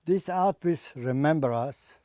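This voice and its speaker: Older man, halting survivor testimony, slightly high, mellow voice, dry close sound. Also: dry recording. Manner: halting, repeats words, plain non-native English. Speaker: Holocaust survivor and artist. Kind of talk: personal testimony.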